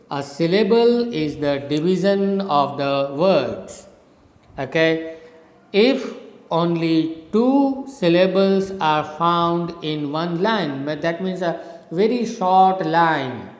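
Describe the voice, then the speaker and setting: A middle-aged man with an Indian English accent, teaching English literature in a recorded lecture, explaining carefully and checking with "okay?". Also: on the high side. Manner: explanatory, repeats points, frequent "okay?". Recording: roomy echo with long reverb.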